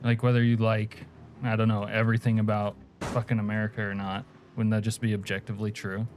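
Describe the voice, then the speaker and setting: A man's voice: fairly low pitch, little pitch movement, brisk, a little mellow, faint music behind. A man from Alaska streaming a game, chatting casually and crudely with viewers, joking and laughing often. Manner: profane, joking, answers chat, laughs often. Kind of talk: casual live-stream chat.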